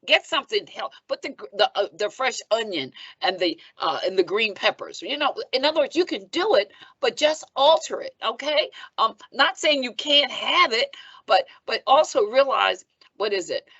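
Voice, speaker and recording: Seventies woman, reverend guest; emphatic, high, tight dry slightly muffled read. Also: moderate pace, husky, no echo. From Philadelphia, US. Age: 70s. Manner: animated, emphatic, preacherly, punctuates with "okay?". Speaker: guest, reverend and foundation president. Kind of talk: conversational podcast interview.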